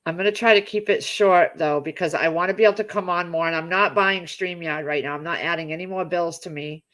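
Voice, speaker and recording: A middle-aged woman hosts a casual livestream, chatting warmly with her viewers. She reads out their comments and gushes over them, rambling from one thought to the next. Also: lowish voice, steady tone, brisk. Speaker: livestream host.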